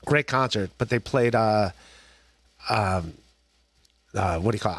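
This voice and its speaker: A man's voice: on the low side, expressive, quick pace, no echo. A man hosting a podcast, chatting casually and rambling with frequent laughs and restarts. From Ohio. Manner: rambling, laughs often, many restarts and fillers. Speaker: podcast host. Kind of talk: casual rambling livestream chat.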